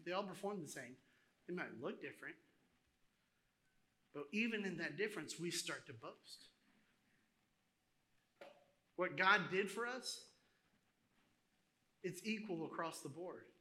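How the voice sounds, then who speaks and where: A man preaching a sermon in a lively, conversational way, acting out little asides to the congregation. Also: on the high side, unhurried, long pauses. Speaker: pastor.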